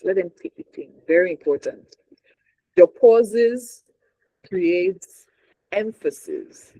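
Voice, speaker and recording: A man's voice: high-pitched, lively intonation, slow, mellow, dry recording, poor audio. A man with a Nigerian accent teaching a communication workshop, emphatic and checking in with the audience often. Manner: emphatic, checks in with frequent "right?". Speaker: communication trainer.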